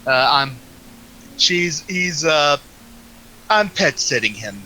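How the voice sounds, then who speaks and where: A man's voice: a little high, expressive, takes it slowly, sharp tone, poor audio. A man playing in a tabletop game, speaking hesitantly with many fillers and restarts. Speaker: player. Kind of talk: casual tabletop play.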